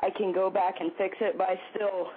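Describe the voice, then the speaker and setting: A man's voice: sits high, level tone, fairly quick. Hesitant young man on a phone call. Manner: hesitant, filler-heavy, easygoing. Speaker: caller. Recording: tinny phone line with faint noise.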